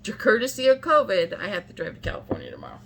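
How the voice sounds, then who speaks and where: A woman's voice: medium pitch, wildly swooping pitch, fast talker, fairly bright tone, a little hiss or hum, rough recording. A woman in her fifties venting bluntly and emphatically to her viewers, exasperated and repeating herself for emphasis. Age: 50s. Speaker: vlogger. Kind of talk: casual rant to camera.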